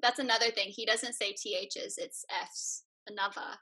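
A woman co-hosting a casual chat, animated and quick to laugh. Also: on the high side, slightly rough, poor audio. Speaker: co-host.

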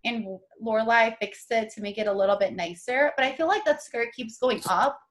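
Young woman podcast co-host, slightly high voice, chatty and animated. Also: moderate pace. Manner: chatty, animated, acts out quotes with many "like"s. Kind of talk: casual chat about a TV show.

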